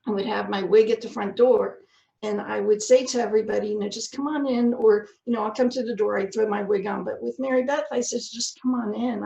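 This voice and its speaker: A woman's voice: medium pitch, gravelly, warm tone, roomy sound, dull audio. A woman sharing a personal faith testimony in an earnest, heartfelt storytelling manner. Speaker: guest speaker.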